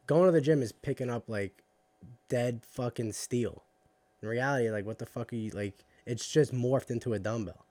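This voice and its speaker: Fast-talking, blunt, profane man. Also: medium pitch, mellow, dry recording. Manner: blunt, profane, advice-giving. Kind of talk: casual chat.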